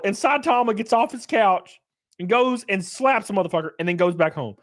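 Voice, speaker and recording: Animated, swearing man in his thirties. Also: high-pitched. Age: 30s. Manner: loud, profane ranting with laughter. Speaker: livestream host. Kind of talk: casual livestream chat.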